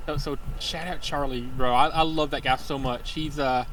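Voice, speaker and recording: A young man from Tennessee co-hosting a podcast, talking in a fast, stumbling, enthusiastic way. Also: medium pitch, fairly even intonation, fairly bright tone, a little hiss or hum, poor audio. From Tennessee, USA. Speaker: podcast co-host. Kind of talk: casual podcast chat.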